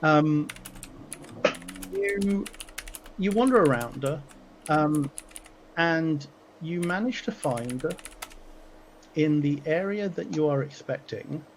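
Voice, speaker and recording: Slow, halting game master man. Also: a little high, a little hiss or hum, poor audio. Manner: halting, many fillers and restarts. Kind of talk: narrating a tabletop game.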